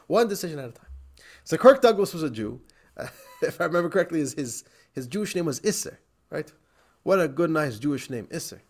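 Rabbi-teacher type: energetic man, lively swooping delivery, quick laughs, a touch higher-pitched. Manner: animated, laughs often, repeats for emphasis. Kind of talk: lively recorded class.

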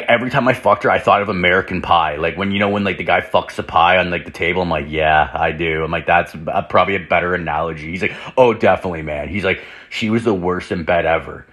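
A man's voice: deep voice, steady tone, quick pace, fairly bright tone. A young man telling a crude story in a rambling monologue at home, full of "like" fillers and swearing, while drinking. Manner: rambling, heavy filler "like", profane. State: drinking whiskey. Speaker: podcast host. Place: home room with door open.

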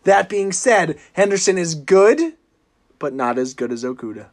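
A man hosting a casual sports podcast, animated and teasing, often breaking into loud laughs. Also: high-pitched, normal speed. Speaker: podcast host.

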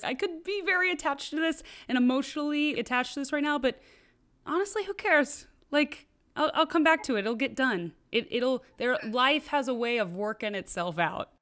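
Woman guest chatting on a podcast, open and rambly, thinks out loud. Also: high-pitched, animated, normal speed. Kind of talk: casual conversational podcast.

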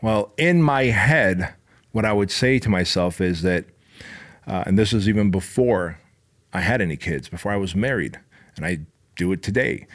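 Fired-up, profane man pushing hard. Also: lowish voice. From immigrant to the US. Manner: profane, intense, rising to emphatic shouting. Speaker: entrepreneur giving motivational talk. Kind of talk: fired-up motivational monologue.

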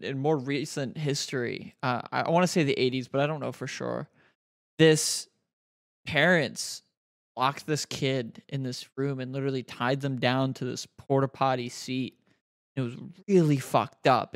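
A man's voice: mid-range voice, no echo, clean studio sound. A young man co-hosting a podcast, telling stories in a loose, profane, laughing way. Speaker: podcast co-host. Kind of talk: casual podcast chat.

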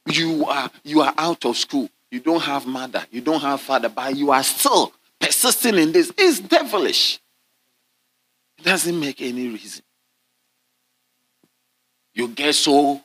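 A man preaching a sermon as a bishop, calling out to his congregation and sometimes dropping into low murmurs. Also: a bit bright. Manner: call-and-response preaching, drops to low murmurs at times. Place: large church hall.

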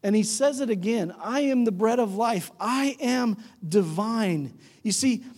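A man preaching a sermon as pastor, talking conversationally and putting questions to the congregation, acting out quoted voices. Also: warm tone. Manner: acts out quoted voices with shifting pitch. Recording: reverberant hall.

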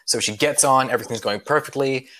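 Talking fast in a pushed, bright, medium-pitched voice, a man co-hosts a casual podcast and winds his way through a long joke. His delivery is loose and rambling, full of filler words and swearing as he chats with his co-host.

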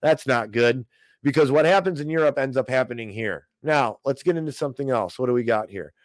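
A man's voice: mid-range voice, fairly quick, no echo, rough recording. A man hosting a livestream, ranting sarcastically about the news and mocking the people he disagrees with. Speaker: online show host. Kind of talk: livestream commentary.

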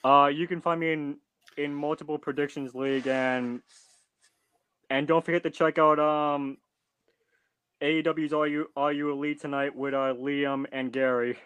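Smooth-voiced hesitant male guest. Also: fairly high pitch, flat delivery, moderate pace, fairly bright tone, no room sound. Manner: hesitant, many restarts and fillers. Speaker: podcast guest. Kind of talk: casual chat.

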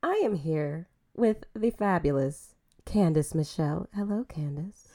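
A woman with a fairly low voice hosts a loose, casual podcast. She teases her guest and laughs easily. Her speech swings widely in pitch and moves at an unhurried pace. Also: animated, dark tone. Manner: giggly, teasing. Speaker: podcast host.

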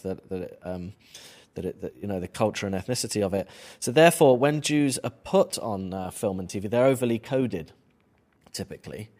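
A man's voice: on the low side, a little mellow. A man giving a conversational public lecture on film, quizzing the audience as he goes. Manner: chatty, quizzes the audience with questions.

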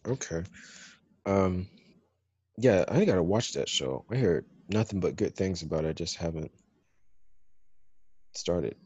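Very deep-voiced man, dull dry sound. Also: animated, a little mellow, slightly rough, no echo. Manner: halting, searching for words. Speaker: podcast co-host. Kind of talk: casual chat.

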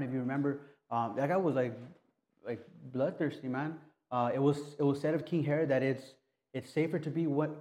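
A man delivers a relaxed, talky sermon, stumbling over restarts and checking in with his listeners. His voice sits a bit high yet sounds soft and warm. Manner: casual, halting, frequent restarts and "right?". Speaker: pastor. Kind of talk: conversational sermon.

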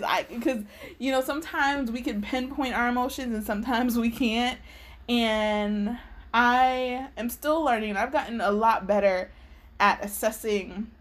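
Woman, casual reflective talk, higher-pitched voice, prays aloud in conversation. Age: adult, working. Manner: conversational, acts out her prayers aloud. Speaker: faith podcast host.

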